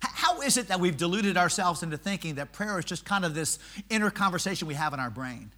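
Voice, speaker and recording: A male pastor preaching a sermon in church, swinging from shouted swells to hushed, quiet lines. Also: high voice, big pitch swings, fast.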